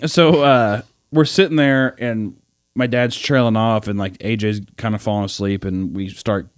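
On a podcast, a young co-host spins a long, rambling, animated story in casual chat, packed with fillers and laughing as he acts out the other people involved. His voice is fairly low, clear and resonant at normal speed, with studio-quality sound and no room noise.

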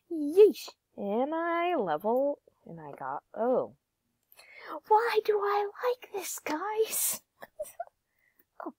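This time the gaming YouTuber's voice is high-pitched and a little mellow, with a dry recording. The young woman giggles and plays around while commenting on gameplay, sometimes slipping into singing or whispering.

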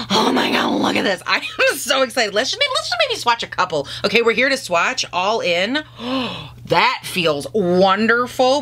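A woman hosting a casual makeup haul vlog, gushing and excitable, gasping over each item. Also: a little high. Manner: gushing, excitable, swears mildly, gasps often. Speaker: beauty vlogger.

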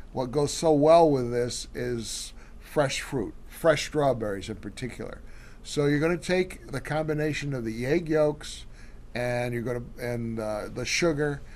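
A man's voice: mid-range voice, darkish tone. A man co-hosting a casual cooking show, walking through recipes step by step with many fillers and restarts.

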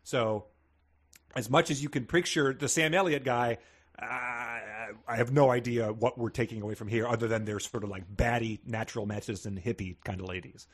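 A man co-hosts a podcast, chatting casually and wryly about a book. His voice sits in a middle range with a slightly husky edge. He laughs easily and sounds amused. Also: medium pitch, fairly even intonation, normal speed. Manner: wry, amused, laughing often. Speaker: podcast co-host. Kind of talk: casual comedic book discussion.

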